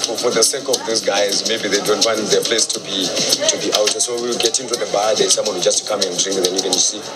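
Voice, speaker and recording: A man's voice: on the low side, steady tone, brisk. A man with a Zimbabwean accent acting as local guide and explaining matter-of-factly. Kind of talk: documentary interview. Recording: distant street audio, loud music.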